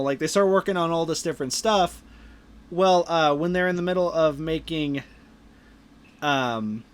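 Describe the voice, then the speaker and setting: A man hosting a podcast, casually retelling a movie plot with lots of fillers and restarts. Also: medium pitch. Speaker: podcast host. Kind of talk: casual movie review chat.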